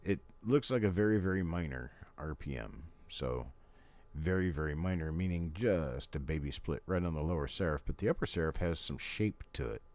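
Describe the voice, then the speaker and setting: A man's voice: very deep voice, expressive, normal speed, a little mellow. An older man hosting a live stream from his home in casual chat, rambling and folksy with chatty asides. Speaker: host.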